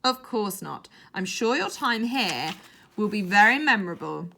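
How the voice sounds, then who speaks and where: A woman's voice: mid-range voice, expressive, measured pace, gravelly, sharp tone, slight background noise, exaggerated voice. A woman voicing a cold, scheming woman politician who talks in an icy, sarcastic, menacing way.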